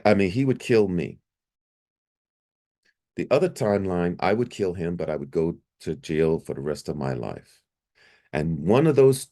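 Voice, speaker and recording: A middle-aged man recounting his near-death experience in a lively, repetitive storytelling way, restarting sentences often. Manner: animated, jumps higher when quoting himself; repeats himself, restarts often. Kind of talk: personal storytelling.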